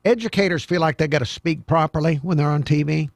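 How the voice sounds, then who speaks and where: A man's voice: fairly high pitch, quick pace, gravelly, no echo. An older man hosting a call-in radio talk show, with wry, sarcastic asides.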